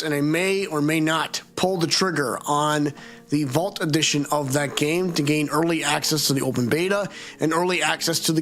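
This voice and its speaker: A man's voice: a little high, fairly bright tone. A man chatting casually on a live stream, rambling with lots of fillers.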